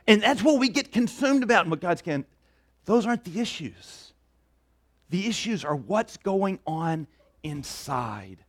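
A male pastor delivers a sermon in a high voice. His delivery is conversational, with frequent repeated words and restarts. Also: lively intonation, moderate pace.

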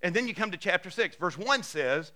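A man preaching a sermon as pastor, telling stories in a conversational, animated way with frequent restarts. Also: high-pitched, fairly quick.

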